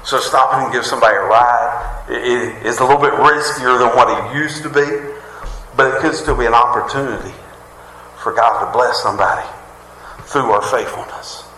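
A man's voice: mid-range voice, fairly even intonation, normal speed, pushed and bright, a little hiss or hum. A man preaching a sermon, folksy and conversational, full of jokes and rhetorical questions. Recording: roomy hall reverb.

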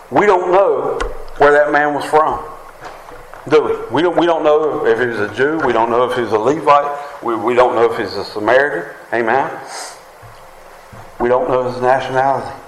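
A man's voice: mid-range voice, moderate pace, long pauses, a little hiss or hum. A man with a West Virginian accent preaching a sermon as pastor, often asking the congregation "Amen?". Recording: echoey room with faint ambience.

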